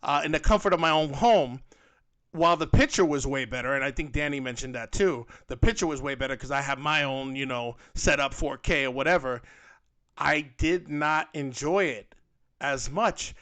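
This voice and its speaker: A man co-hosting a casual fan podcast, talking in an animated, rambling way with lots of fillers. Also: mid-range voice, normal speed. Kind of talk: casual panel chat.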